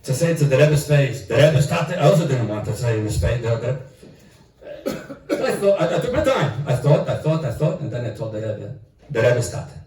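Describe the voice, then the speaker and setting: A middle-aged man from Italy, a rabbi, telling an animated story at a gathering and dropping in Yiddish and Italian phrases. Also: mid-range voice, a little fast, hardly any pauses. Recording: roomy echo from far off.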